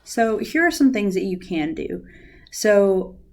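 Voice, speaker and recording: Taking it slowly in a mid-range voice, a young woman from university outreach leads a casual lesson on counseling skills. She's relaxed throughout and leans heavily on fillers such as "um" and "like."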